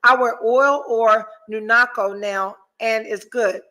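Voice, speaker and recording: A woman in her forties hosts a podcast, reading viewer comments candidly and with plenty of profanity, lurching theatrically from mock despair to laughter. Her voice is on the high side, slow, sharp-toned, and fairly even in intonation, on a rough recording.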